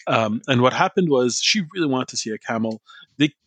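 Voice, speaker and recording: A man's voice: mid-range voice, a little fast, no echo. A man from an Iraqi family co-hosting a podcast, telling a story in casual chat and acting out the voices of the people in it. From Iraqi family, grew up abroad. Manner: animated, acts out voices in his story. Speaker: podcast co-host.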